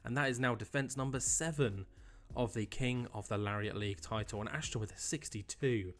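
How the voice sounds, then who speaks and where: Fairly quick and mid-range in pitch, this young gaming channel host narrates his own playthrough in a casual let's-play style, keeping things upbeat and chatty with joking asides.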